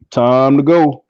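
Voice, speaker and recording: A man's voice: medium pitch, a little hiss or hum. A man co-hosting a casual podcast, chiming in with blunt, joking remarks. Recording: dull, dry, lo-fi sound.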